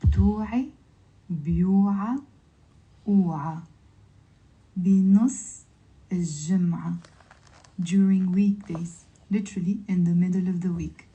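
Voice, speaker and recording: A woman with a Lebanese accent teaching vocabulary on a livestream, pronouncing each word slowly and carefully, then repeating it. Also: on the low side, dark tone, rough recording. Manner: slow, careful word-by-word pronunciation drills.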